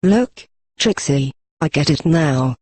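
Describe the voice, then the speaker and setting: A text-to-speech male voice reading the lines of an earnest, patronizing female unicorn pony in a synthetic fanfic reading, speaking slowly as if to a child. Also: low-pitched, animated, a little mellow, husky, dry recording, full character voice.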